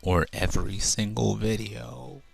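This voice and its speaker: A man's voice: on the low side, unhurried, gravelly, faint music behind. A young man from Canada streaming a game, rambling casually, stumbling over his words and swearing freely as he corrects himself. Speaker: let's play streamer.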